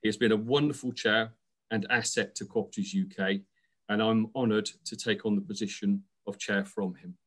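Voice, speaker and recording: A man's voice: on the low side, level tone, normal speed, a bit bright. A man, the incoming board chair, giving an earnest tribute speech in an online meeting, with frequent fillers.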